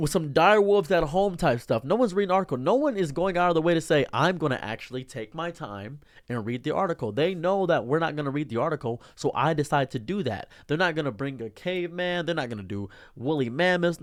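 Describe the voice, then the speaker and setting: Young guy streamer ranting, fed up and animated, voice jumping all over. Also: on the high side. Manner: exasperated, repetitive, animated ranting. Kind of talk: ranting commentary.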